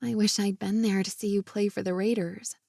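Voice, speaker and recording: A woman narrator voicing a playful young heroine, lifted and teasing with a gravelly edge, close and dry. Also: mid-range voice, fairly even intonation, fairly quick, warm tone, no echo. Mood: heartfelt.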